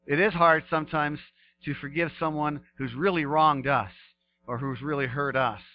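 A man preaching a sermon and reading scripture aloud, his delivery rising to emphatic peaks and dropping soft again. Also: a little high, fairly even intonation, normal speed, dull audio, a little hiss or hum. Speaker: pastor.

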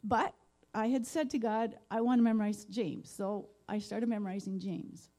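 A middle-aged woman giving a halting, emotional personal testimony in church, with many fillers. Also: mid-range voice, mellow. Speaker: guest speaker. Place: church sanctuary.

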